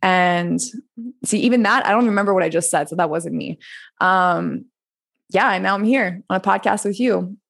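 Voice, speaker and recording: A woman's voice: lowish voice, moderate pace, vocal fry. Chatty woman telling her story. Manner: rambling, animated, laughs often, many restarts. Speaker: podcast guest, coach. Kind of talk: casual interview storytelling.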